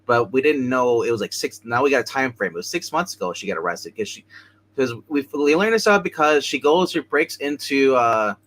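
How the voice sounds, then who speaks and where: A man's voice: medium pitch, expressive, brisk, fairly bright tone, low-quality recording. A man casually recapping a TV episode as co-host, rambling with many restarts and fillers. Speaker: show co-host.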